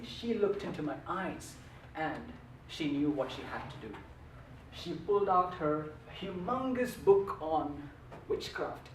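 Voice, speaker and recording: A man's voice: high-pitched, a little mellow, reverberant, recorded from a distance, slight background noise, rough recording. A man giving a humorous storytelling speech at a contest, with a playful, theatrical delivery. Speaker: contest speaker.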